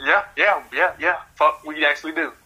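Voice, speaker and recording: Blunt cussing guy cohost, sharp bright voice, deadpan gripes. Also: a little high, normal speed, slight background noise, poor audio. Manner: blunt, profane, deadpan complaints. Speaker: podcast co-host. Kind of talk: casual chat.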